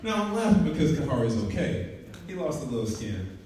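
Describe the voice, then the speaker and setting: A man's voice: medium pitch, sing-song, fairly quick, mellow, a little hiss or hum. Man in his 40s preaching, casual and joking, heard from a distance in a very echoey church. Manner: conversational, joking, laughs often. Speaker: preacher and track coach. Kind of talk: sermon. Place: church sanctuary. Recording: echoey hall, mic at a distance.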